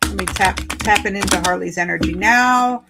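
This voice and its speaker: A woman's voice: medium pitch, moderate pace, vocal fry, very noisy. A woman giving spiritual card readings on a live stream, chatty, playful and encouraging.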